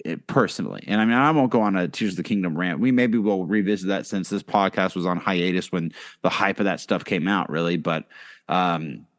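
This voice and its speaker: Man, somewhat low pitch, podcast co-host, casual chat, filler-heavy rambling. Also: fairly quick. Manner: rambling, many fillers and restarts.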